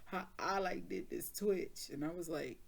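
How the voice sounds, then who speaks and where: A woman's voice: fairly low pitch, a little slow, creaky. A woman reading tarot cards, then telling a story in casual, slangy speech. She laughs often and acts out both sides of the conversation. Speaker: tarot reader.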